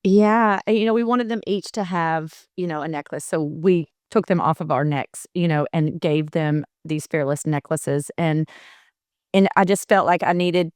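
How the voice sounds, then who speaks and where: Lower-pitched woman co-hosting a podcast. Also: normal speed, clean tone, no echo, studio quality. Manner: animated, retells conversations in quotes, frequent restarts. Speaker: podcast co-host; mother of boys. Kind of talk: casual conversational storytelling.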